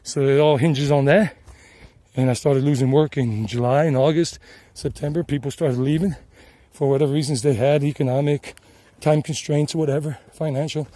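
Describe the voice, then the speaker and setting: Casting: middle-aged Southern US man, slightly high and mellow, rambling as he walks a trail with a phone in hand. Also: steady tone, normal speed, no room sound. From South Carolina, United States. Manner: chatty, meandering, repeats himself. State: sweating from the climb. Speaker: travel vlogger and English teacher. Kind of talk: casual rambling narration while hiking. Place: outdoors on a mountain trail. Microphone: handheld phone.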